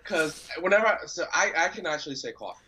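A man from New York with a mild New York accent, chatting as a guest in a relaxed, joking way. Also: a little high, quick pace. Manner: relaxed, joking, laid-back slang. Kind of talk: casual interview chat.

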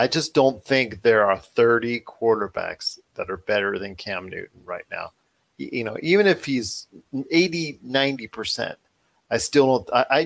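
A man at an ordinary pitch hosts a casual football talk show. He argues his points earnestly and circles back to repeat them, often trailing off mid-thought. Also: vocal fry, fairly bright tone. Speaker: podcast host.

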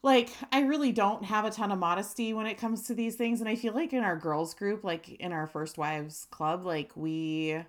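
A woman's voice: medium pitch, normal speed, hardly any pauses. A woman in her late thirties co-hosting a casual podcast chat, speaking candidly with frequent laughter and lots of "like" fillers. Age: 30s. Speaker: podcast co-host.

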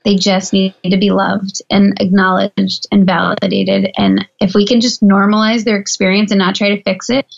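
A woman talking earnestly about motherhood in a casual podcast conversation, her voice edged with gravelly vocal fry. She drifts through loose, filler-heavy sentences. The recording sounds dull and lo-fi. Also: mid-range voice, lively intonation, moderate pace, few pauses. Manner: chatty, earnest, many "like" fillers.

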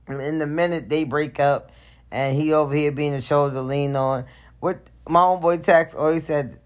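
A man runs through celebrity news on his podcast in a loose, joking way, full of slang and swearing. His voice sits in a middle pitch, and he laughs at his own takes as he goes. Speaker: podcast host. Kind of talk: casual celebrity gossip commentary.

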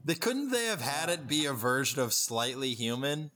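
A man in his own podcast chat, riffing on jokes with his co-hosts. His pitch swings widely as he talks. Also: very animated, normal speed, sharp tone. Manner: joking, riffing. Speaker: podcast host. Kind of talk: casual comedy chat.

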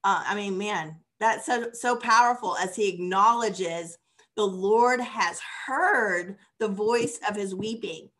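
A woman's voice: mid-range voice, slow pace, a bit bright. Conversational woman teaching scripture. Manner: conversational, with fillers and laughs. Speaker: bible teacher. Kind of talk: informal sermon teaching.

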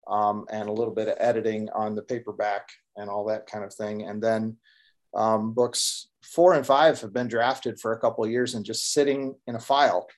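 A man's voice: medium pitch, darkish tone. A man co-hosting a podcast, chatting casually and rambling a little with fillers. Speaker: podcast co-host and author. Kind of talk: casual chat.

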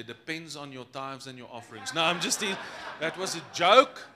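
A man's voice: fairly high pitch, sing-song, normal speed, pushed and bright. A man preaching a sermon as pastor, playful and acting out voices of his congregation between points.

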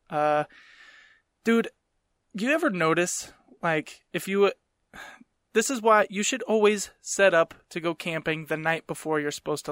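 A man's voice: fairly high pitch, pushed and bright, no room sound, studio quality. A young man hosting a podcast in casual chat, rambling, laughing often and swearing freely. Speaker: podcast host.

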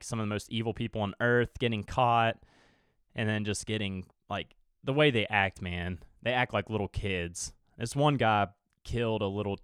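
A young man with a clear, resonant voice on the low side does casual solo podcast chat, rambling along, swearing freely, and chuckling at times. The recording is clean studio sound without echo.

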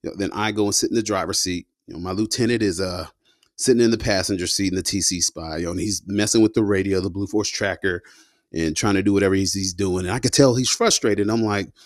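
Veteran man, low voice, dry close sound, casual storytelling full of slang fillers. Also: fast talker, dry recording. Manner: loose and slangy, peppered with "you know" and "man". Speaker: combat veteran guest telling his story.

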